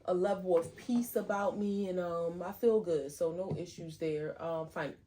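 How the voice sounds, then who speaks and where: A woman co-hosts a podcast in relaxed conversation. Her voice sits a bit low, and she talks upbeat and chatty, with ums sprinkled through. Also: normal speed, slight background noise. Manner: upbeat, chatty, hesitant fillers. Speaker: podcast co-host. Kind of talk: casual chat.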